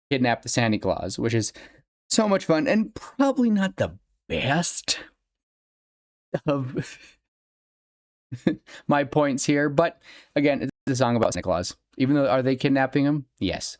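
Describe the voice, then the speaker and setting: Young male podcast host, average pitch, rambles warmly with laughs; dry, close recording. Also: big pitch swings, measured pace, long pauses, dry recording. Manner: gushing, rambling fan talk with laughs. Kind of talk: casual solo podcast commentary.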